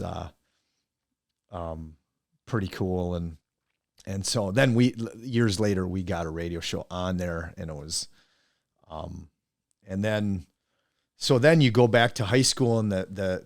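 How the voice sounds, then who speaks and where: A middle-aged man from Wisconsin with a very low, gravelly voice tells loose, meandering stories in a casual interview. He sounds close and dry, with no room around him. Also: dry recording. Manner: rambling, animated storyteller who mimics friends. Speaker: podcast guest, coach and teacher.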